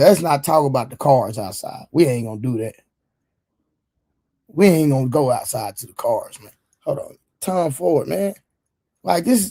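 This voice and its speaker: A man with a hoarse voice hosting a livestream, chatting loosely with viewers in slangy banter full of repeated fillers. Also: fairly high pitch, a little mellow. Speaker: livestream show host. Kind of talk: casual livestream chat with viewers.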